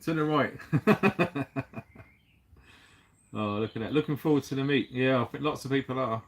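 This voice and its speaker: This is a man from the UK hosting a casual livestream, greeting viewers in a relaxed, chatty way. His pitch sits in the middle of the range, and he jokes around and laughs often, sprinkling in casual slang. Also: normal speed. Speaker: livestream host.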